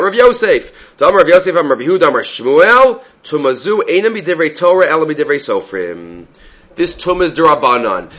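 A man's voice: fairly high pitch, sharp tone. A man giving a Talmud lecture, explaining step by step and often checking in with a rhetorical "right?". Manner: explanatory, asks rhetorical "right?" often, mixes Aramaic terms. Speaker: Talmud teacher. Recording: dull lo-fi recording.

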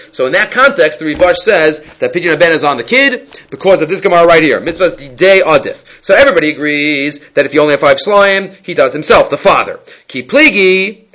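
Guy giving a talmud class, bit high voice, asks questions and restarts himself a lot. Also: fairly bright tone. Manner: explains text step by step, mixing Hebrew-Aramaic terms into English. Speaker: Talmud teacher.

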